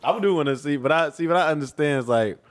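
A man's voice: fairly high pitch, fast talker. A young man from Philadelphia with a Philly accent, chatting casually, laughing often and acting out other people's voices. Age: young adult. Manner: animated, laughing, acts out voices. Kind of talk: casual chat.

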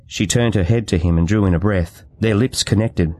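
A man narrating a novel excerpt in a measured, even storytelling manner. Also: fairly low pitch, no echo. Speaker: audiobook narrator. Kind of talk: scripted narration.

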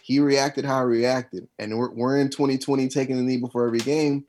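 A man's voice: mid-range voice, steady tone, a little fast, darkish tone, slight background noise. A man co-hosting a casual podcast chat, talking in an emphatic, insistent way and often repeating himself to drive a point home. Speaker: podcast co-host.

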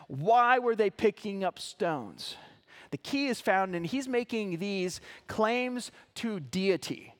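A man pastor preaching a sermon, reading scripture aloud and explaining it earnestly, with occasional restarts and fillers. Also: sits high.

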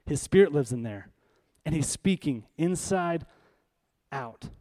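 Male pastor, slightly high-pitched voice, conversational emphatic sermon delivery. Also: animated, unhurried, warm tone. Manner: conversational, emphatic preaching with rhetorical questions.

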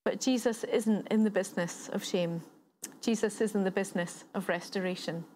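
A woman's voice: mid-range voice, fairly even intonation, normal speed, a little mellow, slight background noise. A woman giving a sermon, retelling a story in a conversational way and building points through repetition. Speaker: preacher.

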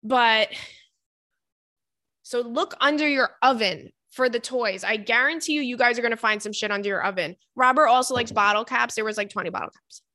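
Young woman, podcast host, casual animated storytelling, swears freely, bright tone, dry close sound. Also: a little high, moderate pace, no echo. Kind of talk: casual chat.

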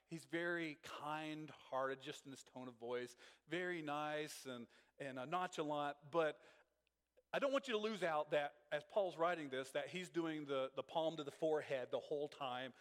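A fairly high-pitched man gives a casual, animated sermon, breaking into laughter and playing out the lines he quotes. His voice rings with a long reverb from a church hall. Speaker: pastor teaching a Bible class. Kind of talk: informal sermon.

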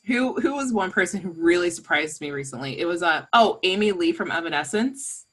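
Bubbly, bright-voiced woman laughing through chat. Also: lowish voice, brisk, husky. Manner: bubbly, laughs often, excitable. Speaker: podcast co-host. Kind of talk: casual chat.

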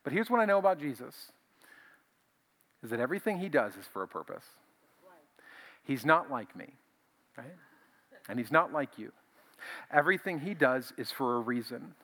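A male pastor preaching a conversational, animated sermon, often repeating himself as he builds a point. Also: medium pitch, normal speed, pauses often.

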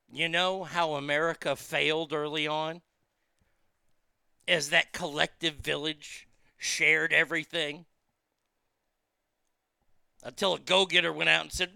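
A man hosting his own commentary show in a fairly high, gravelly voice. He rants with sarcasm and frequent swearing, stacking repeated words when he gets heated. His tone is bright and sharp and the sound is smooth and clear. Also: no room sound, studio quality. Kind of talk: ranting political commentary.

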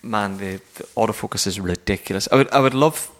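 Brief: male podcast host, wedding photographer, chatty and rambling, self-correcting, relaxed office chat. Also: fairly low pitch, fast talker. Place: his office.

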